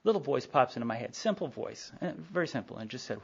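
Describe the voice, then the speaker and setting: Expressive and fast, a middle-aged man with a mid-range, gravelly, slightly rough voice shares his recovery story with a meeting. He's candid and conversational, full of asides and acted-out dialogue, and the live talk is on dull lo-fi tape.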